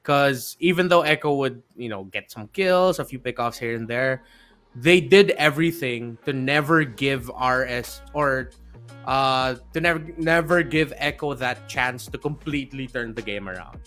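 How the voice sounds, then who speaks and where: A man's voice: medium pitch, moderate pace, fairly bright tone, soft background music. A man, an esports caster, analyzing results and thinking aloud on a recap panel.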